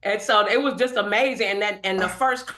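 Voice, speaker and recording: A woman in her forties with a Southern California accent, a hairstylist guest telling lively stories in a casual interview, acting out the voices of people she quotes and laughing often. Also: medium pitch, brisk. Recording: echoey room.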